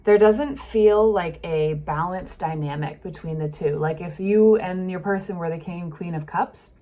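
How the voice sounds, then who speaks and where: A woman giving a casual tarot reading, talking gently and thinking aloud with many fillers. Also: on the low side, normal speed. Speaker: tarot reader. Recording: faint street noise behind.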